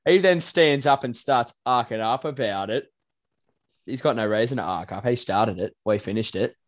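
A young Australian man co-hosting a casual podcast, telling lively anecdotes and acting out the people in them. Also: medium pitch, normal speed. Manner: animated storyteller, voices people in anecdotes. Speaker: podcast co-host. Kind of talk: casual chat.

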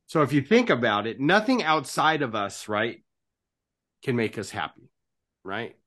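A man's voice: mid-range voice, sing-song, unhurried, pauses often, a bit bright. A man hosting a casual interview, earnest and encouraging, who tags nearly every phrase with "right?". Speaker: podcast host and life coach.

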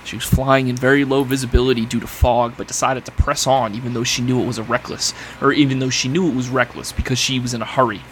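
A man's voice: mid-range voice, little pitch movement, fast, few pauses, a bit bright, a little hiss or hum. A man presenting history on a casual podcast, reading facts aloud and then riffing and laughing with friends.

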